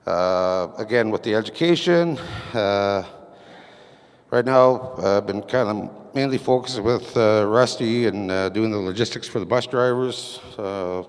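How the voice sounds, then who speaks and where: A man giving a council portfolio report at a community meeting, halting with many fillers and reading from his notes. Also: on the low side, clear, resonant tone. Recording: echoey meeting hall reverb.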